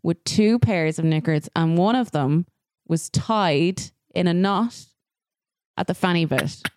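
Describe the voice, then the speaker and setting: A woman's voice: on the low side, a little slow, a little mellow, slight background noise. Giggly woman, candid and chatty. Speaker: podcast co-host. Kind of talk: casual chat.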